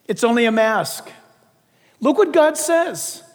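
A man's voice: extremely high pitch, animated, slow. Impassioned older man preaching in a reverberant hall. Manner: impassioned, swings from shouting to quiet asides. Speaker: pastor. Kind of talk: sermon.

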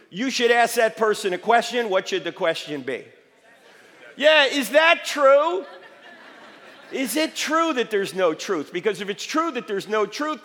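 A man giving an emphatic, lively lecture to a live audience, quizzing them with rhetorical questions, his voice slightly failing. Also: high-pitched. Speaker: speaker addressing a live audience. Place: large hall with audience. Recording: echoey hall reverb.

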